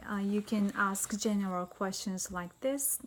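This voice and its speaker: A woman's voice: medium pitch, fairly even intonation. A woman teacher explaining an interview test to tutors, reading sample passages aloud in a careful, instructional way. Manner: slow, careful, reads example passages aloud. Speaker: English teacher briefing tutors. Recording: faint background noise.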